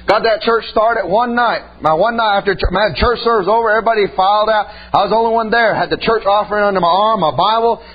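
A man's voice: high-pitched, breathy edge. A man preaching a sermon in a folksy, emphatic way, punctuating his points with "amen" and "man". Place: church service. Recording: muffled recording with faint hum.

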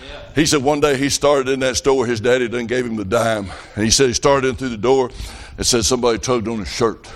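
A middle-aged man with a Southern US accent preaching a revival sermon, telling folksy stories and building up to fervent shouts. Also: mid-range voice, steady tone, fairly quick.

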